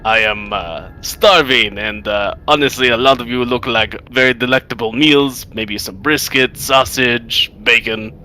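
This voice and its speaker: A man's voice: medium pitch, unhurried, few pauses, sharp tone. A man voicing a hungry male undead skeleton chef who speaks politely while eyeing people as meals. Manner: politely menacing, talks of eating people.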